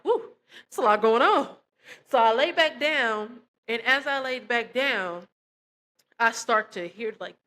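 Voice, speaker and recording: A woman's voice: a little high, a bit bright. A woman telling her personal faith testimony in a casual, emotional, earnest way, talking straight to her listeners. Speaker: christian testimony vlogger.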